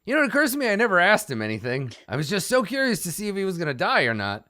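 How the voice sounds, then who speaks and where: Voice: medium pitch, huge pitch swings, rapid-fire, pushed and bright, no room sound, studio quality, pitched above the performer's own voice. Someone doing a chatty bugbear torturer. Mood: matter-of-fact. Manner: chatty, matter-of-fact about gore.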